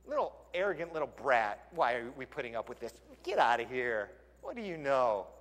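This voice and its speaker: A man's voice: mid-range voice, very animated, normal speed, fairly bright tone, pitched below the performer's own voice. A man playing scornful dismissive older brothers. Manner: mocking, dismissive. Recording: long church hall reverb.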